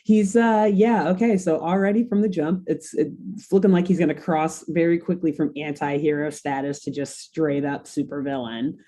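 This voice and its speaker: A woman's voice: low-pitched, fairly even intonation, normal speed, hardly any pauses, mellow. A woman co-hosting a podcast, reacting to a story with frequent laughter and jokey asides. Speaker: podcast co-host listening to the recap. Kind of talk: casual chat.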